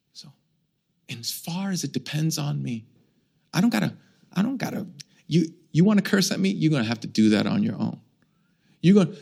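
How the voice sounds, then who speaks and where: Animated, joking pastor preaching to a congregation. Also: male voice, fairly high pitch, vocal fry. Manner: humorous, animated storytelling with self-mocking asides; conversational, asks the congregation questions. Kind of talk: sermon.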